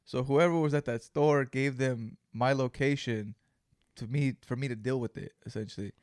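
A man's voice: medium pitch, steady tone, moderate pace, a little mellow, smooth, no echo, clean studio sound. A young man co-hosting a podcast, telling casual stories full of swearing and acted-out quotes. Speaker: podcast co-host. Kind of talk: casual chat.

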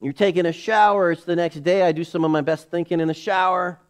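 A middle-aged male pastor preaching a sermon to his church, building to emphatic calls and dropping into hushed asides. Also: steady tone, fairly quick, clean tone. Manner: preaching with emphatic rises, drops to low acted inner voices.

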